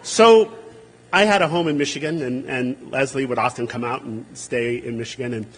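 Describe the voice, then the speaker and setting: In a large hall, a man of medium pitch speaks at a moderate pace. He's giving a funny eulogy full of anecdotes about a friend and colleague at a memorial service, bringing quoted lines to life by acting them out.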